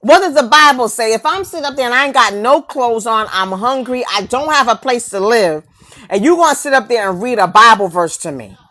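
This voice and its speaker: A woman's voice: fairly high pitch, lively intonation, a little fast, bright, forceful tone. A woman delivering a confrontational, preachy rant to camera, mocking her targets and firing off rhetorical questions and repeated lines.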